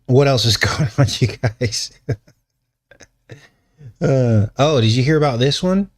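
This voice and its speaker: A man's voice: medium pitch, takes it slowly. A man hosting his own commentary show, talking in a rambling, joking way and chuckling between points. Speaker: channel host.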